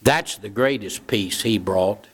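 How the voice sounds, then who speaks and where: A man's voice: fairly low pitch, slow pace, slightly rough. A man preaching a sermon in a folksy way, repeating key phrases for emphasis.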